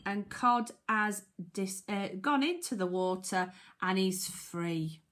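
A woman's voice: mid-range voice, lively intonation, a bit bright. A woman teacher with a British accent, reading a picture book to young children and sounding out letters. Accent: British English. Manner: slow, sing-song, sounds out letters, asks children questions. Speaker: primary school teacher.

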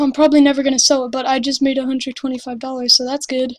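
A woman giving excited commentary over her gameplay, gushing and exclaiming breathlessly. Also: high voice, fast, few pauses, dry recording. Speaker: gamer.

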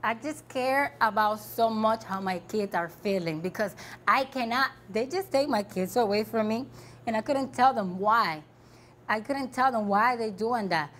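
High-voiced upset woman, talk show guest. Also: a little slow, a bit bright, a little hiss or hum. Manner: upset, emphatic, repeating herself. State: distressed. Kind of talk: after-show interview.

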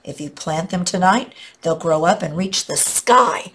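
A woman's voice: fairly low pitch, lively intonation, measured pace, a bit bright. A woman voicing a sly male butcher who talks a boy into a trade, in a raised, persuasive voice. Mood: coaxing. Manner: smooth-talking, persuasive.

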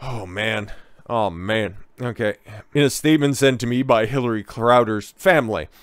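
A man's voice: mid-range voice, moderate pace, no room sound. A man giving reaction commentary as he reads an article aloud, breaking in with sarcastic, profane asides. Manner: sarcastic and profane, interrupting his own reading.

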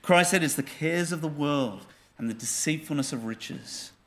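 A man's voice: a little high, moderate pace, fairly bright tone. A male pastor, preaching earnestly and putting questions to his congregation. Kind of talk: sermon.

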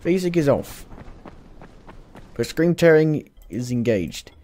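A man giving gameplay commentary at his home computer, exasperated and swearing, scolding the game out loud. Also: on the high side, animated, slow pace. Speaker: let's play gamer.

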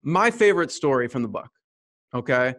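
A man's voice: medium pitch, very animated, normal speed, a bit bright. Eager male podcast host. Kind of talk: interview.

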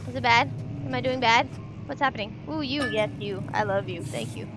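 A woman's voice: a little high, fairly quick, loud music behind the voice. A young woman commentating a horror game casually, jumpy and swearing as she talks back to the game. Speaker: gamer. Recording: noisy recording.

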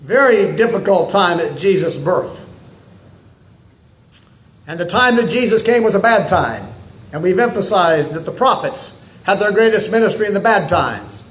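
High-voiced pastor guy preaching, folksy and rambling then emphatic, echoey church room. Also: expressive, normal speed, a bit bright. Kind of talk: sermon. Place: church sanctuary.

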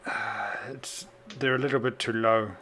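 A man's voice: fairly low pitch, steady tone, a little slow, pushed and bright, slight background noise. A man voicing an easygoing male orc adventurer, talking plainly and a bit hesitantly. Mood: laid-back. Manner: plain, laid-back and hesitant with uhs.

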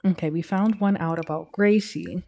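A young woman casually narrating her life-simulation game, chatting and putting quick voices on the characters. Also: fairly low pitch, warm tone. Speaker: let's play gamer. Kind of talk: casual gameplay commentary.

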